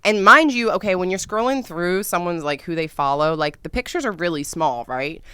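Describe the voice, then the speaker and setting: A young woman on a podcast, telling her own story with lots of swearing and drama and jumping into loud squeals at times. Her voice is smooth and lower-pitched, recorded close and dry with no room sound. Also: animated, moderate pace, no echo. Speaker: podcast host. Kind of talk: casual storytelling monologue.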